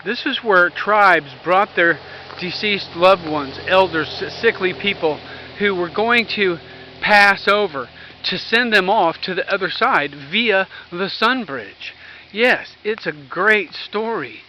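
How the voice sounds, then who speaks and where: A middle-aged man talking earnestly about spiritual things while hiking up a wooded trail, short of breath, with halting restarts, recorded on a handheld camera. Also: sits high, pushed and bright, muffled recording, a little hiss or hum. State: out of breath from climbing. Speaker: vlogger. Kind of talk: rambling walk-and-talk vlog. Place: outdoors on a wooded hillside trail. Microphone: handheld camera while walking.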